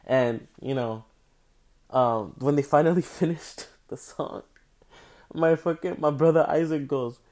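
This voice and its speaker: A tired young man with a slightly high voice spins a rambling storytime. He swears freely, restarts often and stays animated. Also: a little slow. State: tired, yawning. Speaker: vlogger telling a story. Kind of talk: casual storytime.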